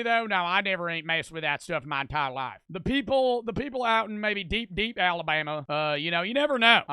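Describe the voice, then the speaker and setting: A man putting on a rambling backwoods Southern man with a deep Southern accent. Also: bright, forceful tone, clear, resonant tone, no echo. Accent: put-on deep Southern. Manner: rambling, drawling, full of "uh".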